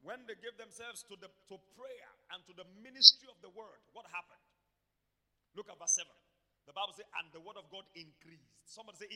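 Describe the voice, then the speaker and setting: A man preaching with a very high, piercing, bright voice that rings through a reverberant church hall. He delivers a fervent sermon and calls on the congregation to repeat words back to him. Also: quick pace. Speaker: pastor.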